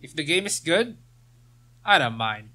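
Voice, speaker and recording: Bright-voiced man doing easygoing gameplay commentary. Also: a little high, big pitch swings, measured pace. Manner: reads quest text aloud, joking and laughing. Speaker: let's play gamer.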